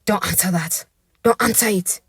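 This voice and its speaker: A woman voicing a young male friend high on drugs, erratic, pleading and menacing by turns. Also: moderate pace, slightly rough, dry recording, clean studio sound. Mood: ferocious. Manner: pleading then ferocious, shaky.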